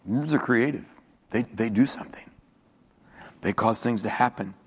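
A male pastor preaching a sermon in a church. His delivery swings from low murmuring to high shouting, and he often repeats words. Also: normal speed, husky, in a large hall.

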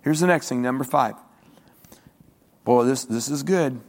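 A male pastor preaching a sermon in a church. His delivery swings from low murmuring to high shouting, and he often repeats words. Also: unhurried, big-room sound.

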